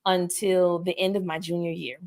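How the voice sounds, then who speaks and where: A woman's voice: on the low side, flat delivery, moderate pace, darkish tone. A woman guest on a podcast, candidly telling her own story in a reflective, hesitant way with many fillers and restarts.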